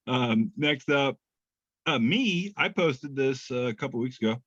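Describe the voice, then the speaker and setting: A man's voice: mid-range voice, animated, slow pace, a bit bright, dry recording. Man, podcast co-host, laid-back, self-deprecating, muffled, dry sound. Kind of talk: casual chat reading memes aloud.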